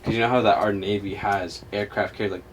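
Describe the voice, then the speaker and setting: A man's voice: on the low side, steady tone, quick pace. A young man co-hosting a podcast in casual chat, laid-back and blunt, swearing casually. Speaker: podcast co-host. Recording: distant mic with faint noise.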